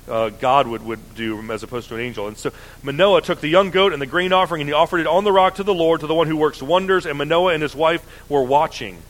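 A man preaching, reading scripture aloud and then explaining it in a casual, halting way with frequent fillers. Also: on the high side, a bit bright, rough recording. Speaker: pastor.

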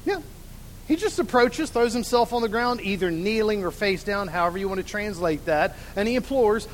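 A man with a drawl and a high voice leads a Bible study class. He poses questions, waits, then answers them himself. The sound rings with long hall reverb over a faint low rumble. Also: animated, moderate pace. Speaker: Bible teacher.

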